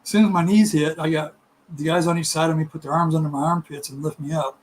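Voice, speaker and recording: A middle-aged man telling a casual, animated story, laughing and acting out other people's voices. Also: a little high, fast talker, a little hiss or hum, poor audio. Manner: animated, laughing, acts out voices in his stories.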